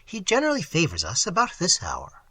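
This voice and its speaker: A man's voice: a little high, huge pitch swings, brisk, fairly bright tone, husky, dry recording, exaggerated voice. A man reading the part of a staid, comfortable middle-aged husband who talks earnestly and a little peevishly.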